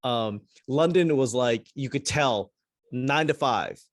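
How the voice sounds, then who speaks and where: A man co-hosting a podcast, chatting casually and explaining things in a relaxed way. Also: mid-range voice, takes it slowly, no room sound, clean studio sound. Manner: relaxed, explains facts, mimics voices. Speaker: podcast co-host. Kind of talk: casual chat.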